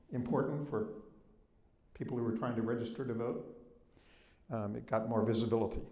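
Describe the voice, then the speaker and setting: Older Southern-accented male speaker telling stories, emphatic, mid pitch, roomy echo. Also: darkish tone. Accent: Southern American. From Southern United States. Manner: storytelling, emphatic on key points. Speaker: guest speaker. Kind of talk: public talk. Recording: echoey room.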